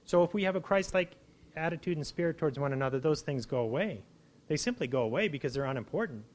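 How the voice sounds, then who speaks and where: Male preacher, informal sermon, conversational, restarts sentences, animated asides, slightly high voice. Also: quick pace. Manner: conversational, repeats words and restarts, animated exclamations.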